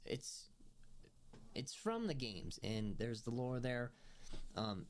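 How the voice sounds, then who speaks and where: Man, slightly low voice, loose chatty film reviewer who rambles and backtracks. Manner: rambling, loose, with many fillers and restarts. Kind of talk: casual movie review vlog.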